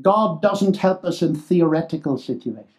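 An older man preaching a sermon, expressive and exclamatory, swinging between loud declarations and hushed asides. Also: fairly high pitch, moderate pace.

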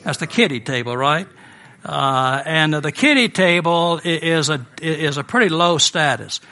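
An American man preaching a sermon in a relaxed, conversational storytelling manner with personal asides. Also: on the high side, moderate pace. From United States.

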